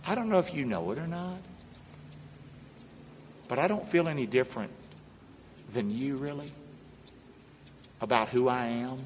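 A man's voice: mid-range voice, big-room sound, a little hiss or hum. A man preaching a sermon in a church, urging the congregation to call back to him. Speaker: pastor. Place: church sanctuary.

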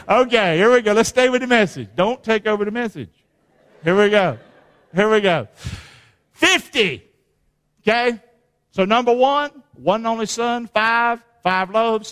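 A man preaching a sermon, animated and calling on the congregation to answer back. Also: high voice, smooth. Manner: animated, call-and-response with the congregation. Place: church hall. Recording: long hall reverb.

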